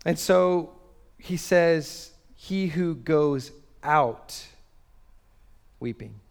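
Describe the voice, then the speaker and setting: A pastor preaching a sermon, swinging from loud urgent bursts to quiet, slow drops. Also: male voice, a little high, creaky. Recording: long reverb of a large hall.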